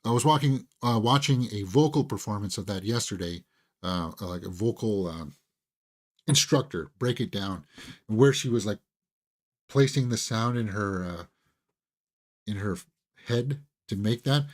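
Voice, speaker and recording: A man's voice: on the low side, measured pace, pauses often. A man who is losing his voice, hosting a casual movie talk stream, rambling with lots of fillers and chuckles. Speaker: host of a movie talk channel. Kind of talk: casual live-stream chat.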